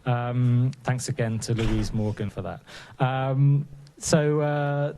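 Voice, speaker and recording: A man hosting a casual live online chat show, unhurried with frequent pauses. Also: mid-range voice, fairly even intonation, dark tone, a little hiss or hum. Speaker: show host.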